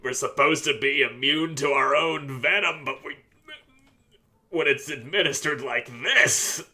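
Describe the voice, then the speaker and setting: A man's voice: on the high side, unhurried, sharp tone. A man talks into a USB desk mic in crude, self-mocking reaction commentary. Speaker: YouTuber.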